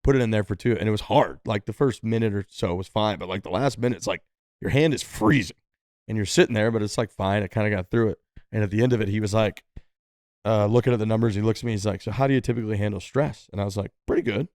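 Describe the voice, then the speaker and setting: A man's voice: fairly low pitch, quick pace, a little mellow, no echo, clean studio sound. A man co-hosting a podcast, telling a long story casually with lots of "like" and "dude" and quoting people in changed voices. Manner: rambling, lots of "like" and "dude", quotes others in different voices. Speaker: podcast co-host.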